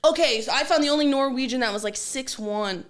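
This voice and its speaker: A woman's voice: high-pitched, brisk. A woman comedian, a guest on a casual podcast, telling stories in a profane, laughing manner.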